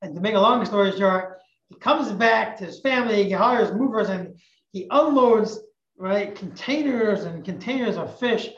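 A woman teacher telling a religious parable in an animated, emphatic way, often repeating phrases. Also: medium pitch, normal speed. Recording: echoey, muffled recording.

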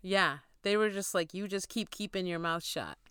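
A woman co-hosts a podcast and retells a story in loose, casual chat. She swears freely and acts out what people said. Her voice is clear and smooth, recorded dry and close with no room sound. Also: fairly low pitch, normal speed, a bit bright, no echo. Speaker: podcast co-host.

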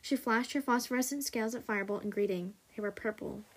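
A woman's voice: a little high, fast. Woman reading a story aloud. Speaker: storytelling podcast host.

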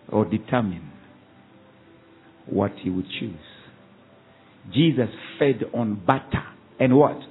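A man, a pastor preaching a sermon with call-and-response and quick rhetorical questions at a church service. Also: mid-range voice, breathy edge. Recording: tinny phone-like sound, faint ambience.

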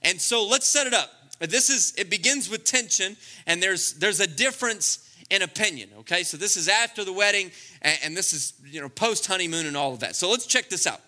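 Animated bright-voiced pastor. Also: male voice, sits high, a little fast. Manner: playful, acts out scenes in funny voices. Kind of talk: lively comedic sermon.

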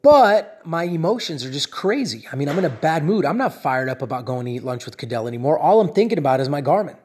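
A man with a somewhat high voice tells his audience a personal story that builds to a lesson. He talks in an animated, rambling way, repeats himself and keeps checking in with "right?" and "you know?". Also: quick pace, husky. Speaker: speaker addressing his audience.

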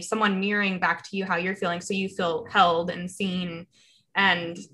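A woman with a bright, forward voice in a casual conversation. She affirms what she hears and answers with open enthusiasm. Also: medium pitch. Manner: warm, affirming listener, enthusiastic.

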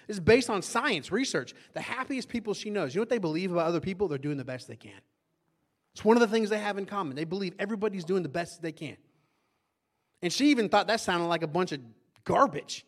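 A middle-aged man preaching a sermon, telling a story from his own marriage with animated energy. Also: high voice, brisk. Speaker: pastor.

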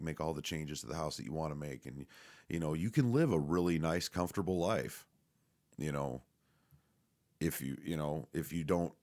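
A man's voice: low voice, a little mellow. A man rambling casually and profanely, with lots of fillers, restarts and laughs. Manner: laughs often while talking.

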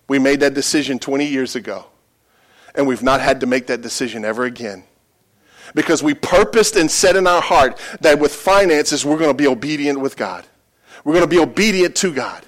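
A middle-aged pastor preaching a sermon in a church. His voice sits a little high for a man. He calls out to the congregation and pushes his lines up into loud, stressed peaks. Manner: call-and-response preaching, builds to loud emphatic peaks.

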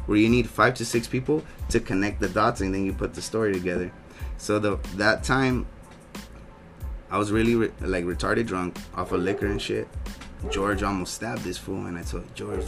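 A young man with a lowish voice spins loose, profane stories on a casual podcast. Music plays clearly underneath him. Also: a little fast, a bit bright. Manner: loose slangy rambling, heavy swearing. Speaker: podcast co-host. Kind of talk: casual storytelling chat.

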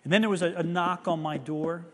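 A man's voice: on the high side, steady tone, brisk, fairly bright tone, big-room sound. A middle-aged man preaching a sermon, telling a personal story in an earnest, confessional way.

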